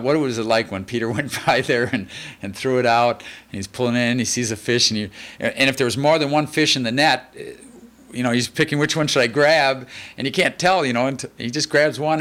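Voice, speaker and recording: A man teaching a sermon on a Bible passage in a conversational, folksy way, with asides and restarts, acting out quoted lines more slowly. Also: mid-range voice, fairly bright tone.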